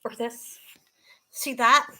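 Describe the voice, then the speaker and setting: A middle-aged woman hosting a live jewelry sale, chatty and self-mocking, swearing freely and breaking into loud laughter. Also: on the high side, fairly even intonation, takes it slowly. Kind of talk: casual live-stream selling.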